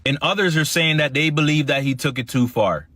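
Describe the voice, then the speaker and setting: A man's voice: on the high side, a little fast, bright, forceful tone, no echo. Man reading a news recap, dry sound. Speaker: news narrator.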